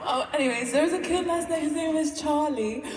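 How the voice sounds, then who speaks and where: A young woman singer telling a story at a fan Q&A, animated and laughing as she goes. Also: high-pitched, fairly quick. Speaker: pop group singer at a fan Q&A. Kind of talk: casual storytelling on stage. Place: large concert hall. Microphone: phone filming from the audience. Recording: echoey hall from far off, with music and crowd.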